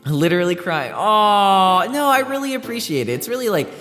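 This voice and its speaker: A man's voice: sits high, expressive, fairly quick, bright, forceful tone. A man streaming, chatting casually and reading a fanfic aloud, bubbly and effusive with frequent giggles. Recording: long reverb, faint background music.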